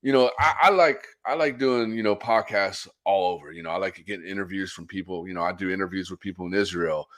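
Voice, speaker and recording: A man's voice: low-pitched, quick pace, hardly any pauses, fairly bright tone. An American man hosting a casual podcast interview, laughing easily and restarting his sentences as he talks. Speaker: podcast host.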